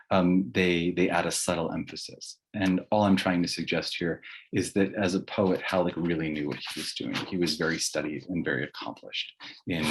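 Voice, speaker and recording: A man with a deep, low-pitched voice delivers a public lecture on poetry. He explains in an academic manner, working through his points aloud as he goes.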